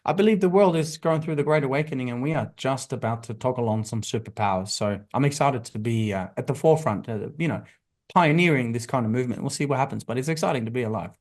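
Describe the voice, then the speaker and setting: A man as a podcast guest, speaking emphatically and telling a parable at a slow, deliberate storytelling pace. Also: mid-range voice, a little mellow. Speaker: guest, spiritual teacher. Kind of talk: podcast interview.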